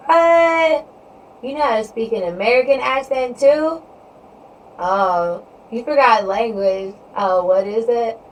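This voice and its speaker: A woman with a slightly high voice takes her time on a live stream, casually chatting with viewers, drifting between topics and filling her speech with "you know." A distant mic picks her up amid faint background noise.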